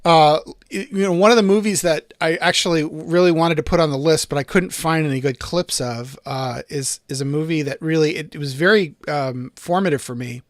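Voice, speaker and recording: A man's voice: fairly high pitch, brisk, hardly any pauses, no echo, studio quality. A man co-hosting a podcast, telling a story in a rambling way with frequent restarts and fillers. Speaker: podcast co-host. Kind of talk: casual discussion.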